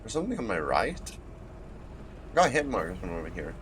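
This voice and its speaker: A Swedish man, just woken up and a bit groggy, commenting casually on his gameplay with a laid-back, rambling manner and sudden loud outbursts. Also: low-pitched, wildly swooping pitch, brisk, a little hiss or hum. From Sweden. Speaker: gaming channel host.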